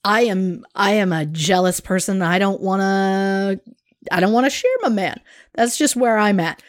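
Woman co-host, mid-pitched, wry and candid, recorded dry and close. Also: dry recording. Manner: candid, halting restarts, wry. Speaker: podcast co-host and researcher. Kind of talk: casual true-crime chat.

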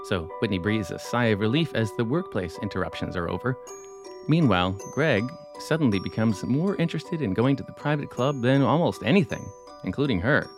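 A male host narrates in a scripted, dramatic way, teasing the listener with questions. His pitch rises and falls a great deal. Clear music plays under his voice. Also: animated, brisk.

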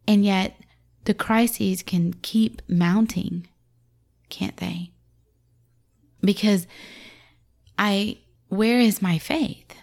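Gravelly-voiced woman giving a devotional talk. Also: mid-range voice, slow, long pauses. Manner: conversational and expressive, acting out quotes. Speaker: Christian speaker to mothers.

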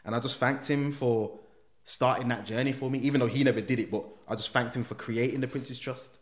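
A man telling an animated personal story as a podcast guest, full of slang. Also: medium pitch, brisk. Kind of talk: casual storytelling.

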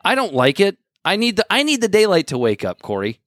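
A man's voice: high voice, wildly swooping pitch, fairly quick, a bit bright, no room sound. Teasing man, close dry mic. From Michigan. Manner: teasing, ranting opinions. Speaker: podcast co-host. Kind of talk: casual banter.

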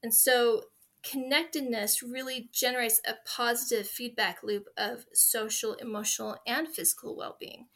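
Bright-voiced earnest woman. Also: on the high side, steady tone, normal speed. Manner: earnest and heartfelt, speaks fondly of family. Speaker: podcast guest. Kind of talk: conversational interview.

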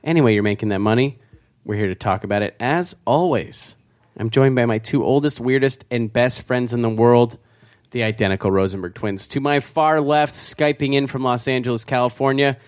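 A man's voice: mid-range voice, moderate pace, dry recording. A man hosting a comedic podcast with brash, playful emcee banter. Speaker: podcast host.

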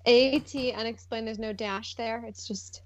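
A woman's voice: on the high side, steady tone, unhurried. A woman co-hosting a podcast in casual, playful chat, laughing often. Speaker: podcast co-host. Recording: dull lo-fi sound.

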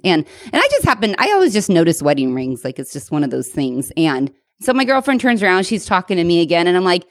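Animated, swearing woman telling a story. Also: on the low side, fast talker, hardly any pauses, no echo. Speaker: podcast co-host. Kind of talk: casual chat.

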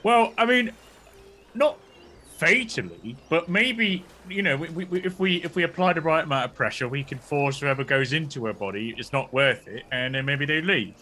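A man playing a tabletop game, thinking aloud and tripping over his words. His voice is bright and ranges widely. His tone is fairly high for a man. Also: animated, moderate pace. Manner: rambling, stumbles into laughter. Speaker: player.

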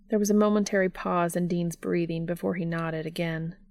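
A woman reading fan fiction aloud in a slow, subdued narration. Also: on the low side, fairly even intonation, darkish tone, dry recording, clean studio sound. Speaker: reader.

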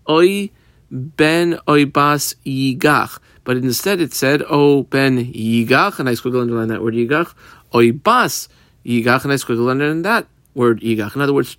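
A man teaching a Talmud page, explaining each Aramaic phrase in English in a steady teaching cadence. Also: mid-range voice, no echo, clean studio sound. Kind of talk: daf yomi Talmud lesson.

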